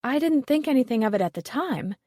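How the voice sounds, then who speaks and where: A woman voicing an eager, excitable young woman reporter who speaks with a slightly smug enthusiasm. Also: medium pitch, normal speed, no echo, studio quality, close to an everyday voice. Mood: excited.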